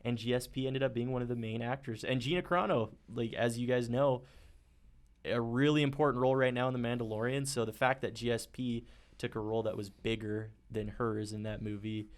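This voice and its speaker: A man's voice: mid-range voice, fairly even intonation, fairly quick. A man co-hosting a podcast, arguing his side in a casual debate, confident and teasing. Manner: confident, teasing, laughs often.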